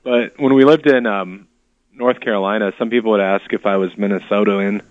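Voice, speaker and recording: A man's voice: lowish voice, steady tone, a little fast, dry recording. A man from the Midwest co-hosting a radio talk show remotely, chatting with dry, understated humor. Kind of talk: casual radio chat over a phone line. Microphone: remote phone line. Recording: tinny phone line.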